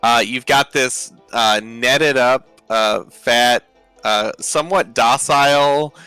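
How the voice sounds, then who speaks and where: A man narrating a tabletop game as dungeon master, halting with many "uh" fillers. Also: mid-range voice, bright, forceful tone, clean tone, no echo, faint music behind.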